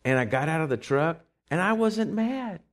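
Man, pastor, lively sermon voice, slightly high, church setting. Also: normal speed, background noise. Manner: animated, conversational preaching with rising bursts.

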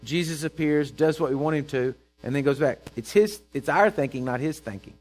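A man's voice: fairly high pitch, fairly quick, faint music behind. A man preaching a sermon in a conversational way, checking in with his listeners and acting out Bible characters. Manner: acts out Bible characters in quoted voices.

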